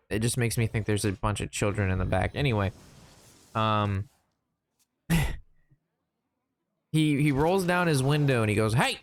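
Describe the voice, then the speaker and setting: A young man streaming a card game, chatting casually with playful jokes and mock sportscaster asides. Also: fairly low pitch. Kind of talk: casual gameplay commentary.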